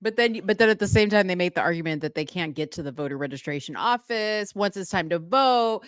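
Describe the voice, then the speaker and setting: A woman co-hosting a casual chat, animated and gossipy as she tells stories and laughs often. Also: fairly low pitch, brisk, no echo, clean studio sound. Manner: gossipy storytelling. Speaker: podcast co-host.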